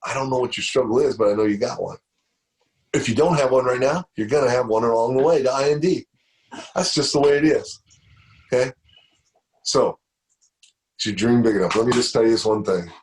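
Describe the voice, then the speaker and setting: A man's voice: medium pitch, fairly quick, long pauses, darkish tone. A middle-aged man giving a motivational speech on stage, telling stories and repeating phrases for emphasis. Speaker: motivational speaker.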